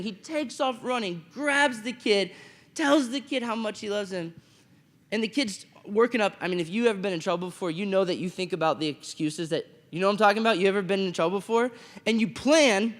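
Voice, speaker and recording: Male chapel speaker, fairly high voice, animated storytelling sermon, long hall reverb. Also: fairly quick. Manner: animated storytelling, acting out quotes, asks the room "right?". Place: school chapel.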